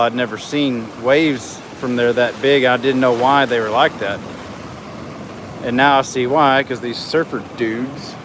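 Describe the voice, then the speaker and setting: A middle-aged man on a casual live stream. He reads out viewer comments and narrates what he sees from a beach inlet, filming on a phone. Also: medium pitch. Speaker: livestream host. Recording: outdoor noise in the background.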